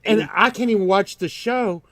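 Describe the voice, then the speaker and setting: A man's voice: high voice, normal speed, over a noisy crowd. A man co-hosting a casual livestream chat, telling stories with lots of energy, swearing freely and acting out the lines of the people in them. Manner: animated storyteller, swears freely, acts out quotes. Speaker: co-host.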